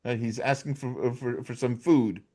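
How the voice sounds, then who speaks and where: A man's voice: medium pitch, moderate pace, dark tone. An American man giving an informal Torah class, talking conversationally with frequent restarts and "right?" checks. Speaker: class teacher.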